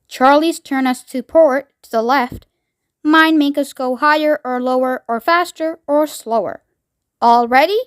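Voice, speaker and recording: A woman voicing an eccentric male chocolate-maker who gives brisk, fussy commands in a storybook reading. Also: high voice. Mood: commanding. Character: eccentric man chocolate-maker, bossy pilot.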